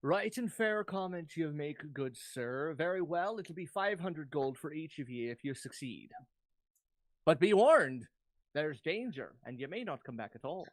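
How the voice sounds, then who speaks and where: A man voicing a hearty male town mayor in a put-on Irish accent, booming and calling the adventurers lads. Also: animated, unhurried, dry recording. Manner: boisterous, calls them lads.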